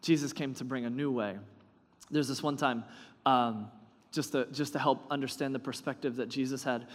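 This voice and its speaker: A male pastor preaching a sermon in a conversational, animated storytelling manner. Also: mid-range voice, moderate pace, long reverb tail.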